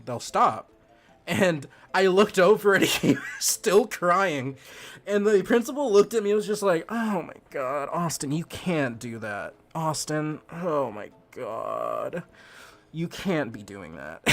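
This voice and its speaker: While gaming on stream, a young man recounts a story from his childhood in a loose, profane, rambling style, laughing as he talks. His voice sits in the middle range with a touch of brightness.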